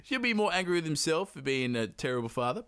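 A man retells an old tale to his sister in loose podcast chat. He swears freely, laughs often and slips into quick impressions of the characters. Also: a little high, very animated, fairly bright tone, clean tone. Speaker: podcast co-host retelling a folktale. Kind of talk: casual chat, crude and joking.

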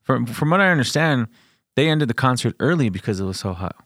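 A man's voice: mid-range voice, fairly quick, dry recording, studio quality. A man in his forties from El Paso, telling a story in casual podcast chat, swearing often and acting out the voices in his quotes. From El Paso, Texas. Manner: profane, animated storyteller, acts out quotes.

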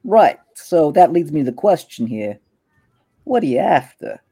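A man's voice: fairly high pitch, sing-song, a little slow, mellow, slightly rough, heavily acted. A man voicing a smug, menacing male half-elf mobster boss who taunts with drawling threats.

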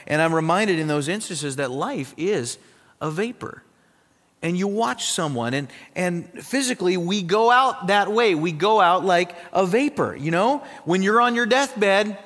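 A pastor from South Dakota delivering a sermon, emphatic and swinging between loud passages and hushed ones. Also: male voice, high voice, in a large hall.

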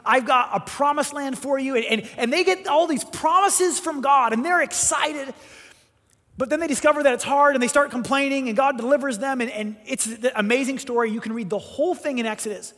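High pitched guy giving a sermon, animated, sounds like a big church hall. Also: brisk. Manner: animated, emphatic storytelling with voiced quotes. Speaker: preacher. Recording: long hall reverb.

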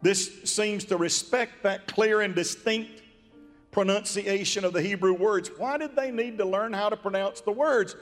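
A man preaching a sermon in a folksy, drawn-out, emphatic way. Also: high voice, in a large hall, soft background music. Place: church sanctuary.

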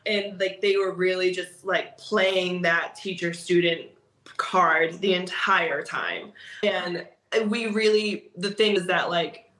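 Low-voiced woman telling stories, roomy sound. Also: takes it slowly. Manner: animated, laughs often while telling stories. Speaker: podcast guest, cookie decorating teacher. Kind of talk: casual storytelling in an interview. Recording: roomy echo.

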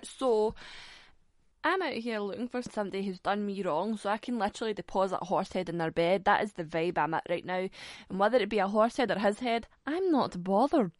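A young Scottish woman telling a funny story in a casual, animated way, swearing freely and laughing often. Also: mid-range voice, dry recording, studio quality.

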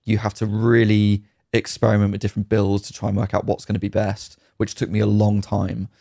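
A man's voice: fairly low pitch, completely flat delivery, a little fast, creaky, dark tone, dry recording, studio quality. A man co-hosting a casual podcast chat, talking in a rambling, enthusiastic way about games with frequent ums. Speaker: podcast co-host.

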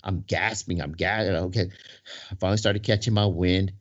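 Male storyteller with a low voice, loose and rambling, heard on dull lo-fi audio. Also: fairly even intonation, moderate pace. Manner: rambling, full of "right?" and restarts. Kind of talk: casual storytelling in conversation. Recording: dull lo-fi sound.

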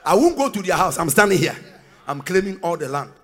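A man with a Ghanaian accent preaching a sermon in church, breaking into shouts and sing-song cadences. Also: high-pitched, very animated, brisk. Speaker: pastor.

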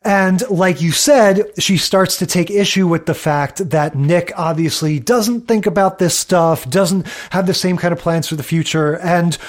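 Man, podcast co-host, casual analysis, relaxed and reflective, fairly high voice. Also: unhurried, few pauses. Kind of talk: casual chat analyzing a TV episode.

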